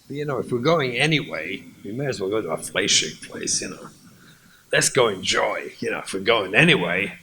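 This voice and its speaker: A man's voice: fairly low pitch, expressive, moderate pace, bright, forceful tone, slight background noise, pitched below the performer's own voice, poor audio. A man voicing a stubborn husband who wants steak and grudgingly protests about going along.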